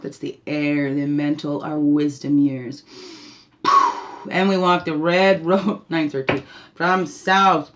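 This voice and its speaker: A woman's voice: sits low, fairly even intonation, unhurried. A woman leading a spiritual guidance talk, meandering and laughing often, checking in with "right?" as she goes. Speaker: spiritual guide.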